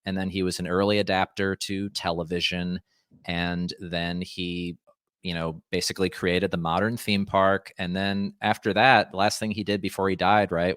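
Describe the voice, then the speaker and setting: Guest: man, low resonant voice, rambling and reflective, dry room. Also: fairly bright tone, clear, resonant tone, no room sound. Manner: rambling, thoughtful, restarts and fillers. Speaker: podcast guest. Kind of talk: casual conversation.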